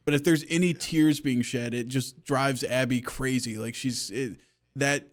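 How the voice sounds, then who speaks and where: A man's voice: mid-range voice, fairly even intonation, measured pace. A man co-hosting a podcast, telling stories in a laid-back way with crude humor. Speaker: podcast co-host. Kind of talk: casual chat.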